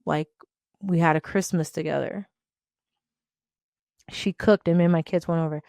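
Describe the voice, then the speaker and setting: A woman in her thirties hosting a podcast, telling a work story in a loud, animated way and acting out the other people in it. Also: sits low, moderate pace, creaky, no room sound. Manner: loud, animated, acts out quoted voices. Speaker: podcast host. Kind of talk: casual storytelling rant.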